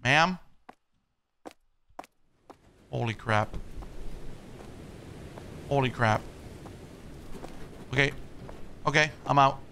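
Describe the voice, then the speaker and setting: A young man narrates his play through a horror game in a gravelly, forceful voice. He jokes nervously and swears when startled. Faint noise sits under the recording. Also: mid-range voice, takes it slowly, long pauses. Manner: jumpy, swearing, nervous joking. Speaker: gaming YouTuber.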